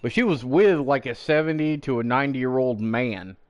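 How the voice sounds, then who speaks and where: A man's voice: medium pitch, normal speed. A man streaming a game, chatting casually as he tells a story, swearing freely and acting out the people he quotes. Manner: profane, animated, acts out quoted people in the story. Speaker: gaming streamer.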